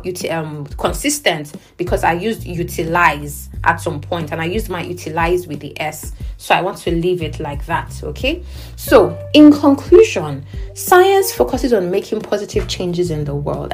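A woman teaching essay writing who thinks aloud as she edits her practice essay and keeps checking in with her learners. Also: fairly low pitch.

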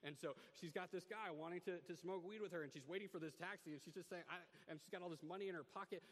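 A man's voice: fairly high pitch, fast talker, hardly any pauses. Man telling a story in a reverberant hall. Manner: animated, many restarts and repeated "and". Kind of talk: personal story told to an audience.

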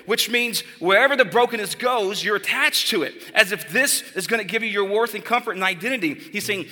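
A man preaching a sermon as pastor, animated and direct, calling on his listeners. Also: high voice, a little fast, few pauses. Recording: long hall reverb.

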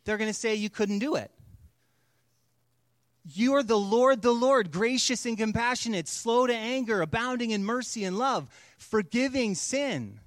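A man's voice: very high voice, expressive, moderate pace, fairly bright tone, no echo, studio quality. A man acting out Moses as a humble leader pleading earnestly with God.

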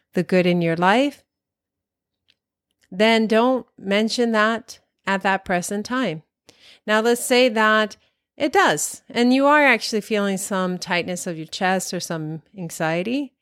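A middle-aged woman teaching a simple meditation method in a soft, calm way, drawing out her phrases. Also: mid-range voice, no room sound, studio quality. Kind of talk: guided meditation talk.

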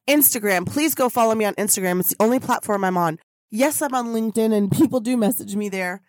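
A woman's voice: mid-range voice, fast, no echo, studio quality. A woman hosting a spiritual motivation podcast, talking in an effusive, preachy way and leading chanted affirmations. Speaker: podcast host.

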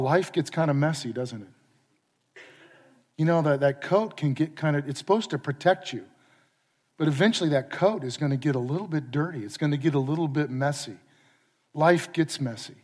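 Animated storytelling preacher in a hall. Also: male voice, on the high side. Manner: animated storyteller acting out his own lines. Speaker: pastor and fire chaplain. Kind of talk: storytelling sermon. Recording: long reverb of a large hall.

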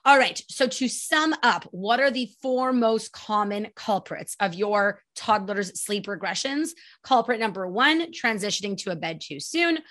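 A woman in her thirties hosting a parenting podcast, chatting in an animated way and acting out her toddler's lines. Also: medium pitch, a little slow, hardly any pauses. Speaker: podcast host, child sleep consultant. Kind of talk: casual solo podcast advice.

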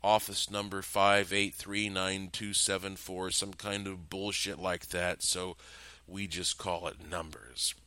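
A man voicing a calm, fatherly male killer who speaks slowly and easily in a low voice. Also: no room sound, exaggerated voice. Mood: musing.

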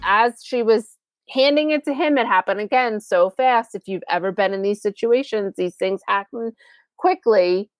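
A woman's voice: medium pitch, normal speed, no room sound. A woman hosting a podcast, telling a personal story in a chatty, conversational way with asides to the listener. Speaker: podcast host.

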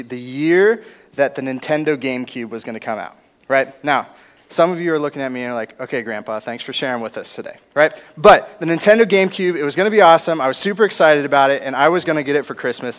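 A young man telling a story in a casual youth sermon, chatty and informal, often tagging his sentences with "right?". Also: fairly high pitch. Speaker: youth pastor.

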